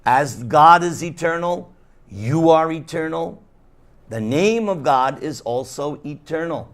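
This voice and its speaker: A man with a New York accent delivers a devotional lecture at an unhurried pace. His slightly raised voice swings widely in pitch, lingering and stressing each important word. He keeps it playful with small demonstrations for the people in front of him. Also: lively intonation. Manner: slow, emphatic, sing-song rise and fall on key words; playful demonstrations for a live audience. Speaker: monk lecturer.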